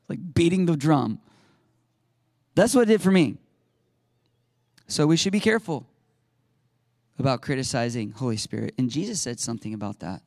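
A man preaching a lively sermon as a pastor, acting out little scenes and laughing now and then. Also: mid-range voice, moderate pace, pauses often, dry recording, studio quality. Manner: animated, acts out little voices and laughs often.

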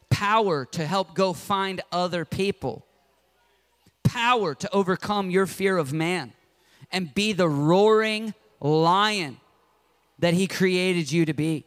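High-voiced passionate preacher. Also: male voice. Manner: passionate, swings between loud and hushed. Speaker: pastor. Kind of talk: sermon.

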